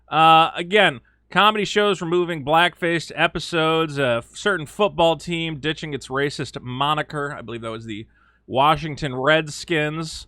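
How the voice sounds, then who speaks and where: A man giving casual opinion commentary as a video host, animated and sarcastic, slipping into mocking quoted voices with frequent fillers. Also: on the high side, moderate pace, no room sound, clean studio sound.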